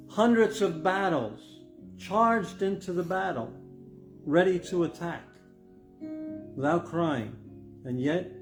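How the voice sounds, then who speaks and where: Older male pastor preaching over guitar music. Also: on the high side. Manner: earnest, reflective, rising to emphatic stress. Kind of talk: sermon. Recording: music playing behind the voice.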